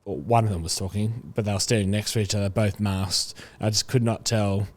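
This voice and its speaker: A man's voice: lowish voice, fairly quick, darkish tone. A young man, a podcast guest, talking casually and rambling with lots of fillers. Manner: chatty, rambling with many fillers. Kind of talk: casual chat.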